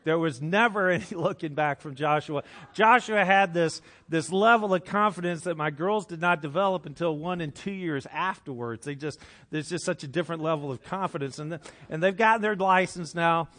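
Animated middle-aged male preacher. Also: fairly high pitch, moderate pace. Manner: animated, swinging from hushed to loud. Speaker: pastor. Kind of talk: sermon.

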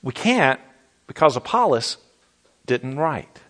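A middle-aged man preaching a sermon as pastor, animated and repetitive, asking the audience questions. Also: medium pitch, slow pace.

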